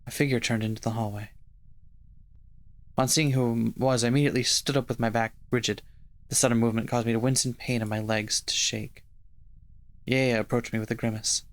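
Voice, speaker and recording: A man co-hosting a let's-play, reading the narration of a visual novel aloud in an expressive way. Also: mid-range voice, fairly quick, long pauses. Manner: expressive narration with swearing asides. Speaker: podcast co-host.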